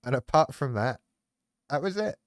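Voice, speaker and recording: A man talks frankly and wryly, swearing freely as he chats on a livestream. His voice sits at an ordinary middle pitch. The recording is dry and close, with no room sound. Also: lively intonation, moderate pace, no room sound. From United Kingdom. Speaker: livestream host. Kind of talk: casual chat.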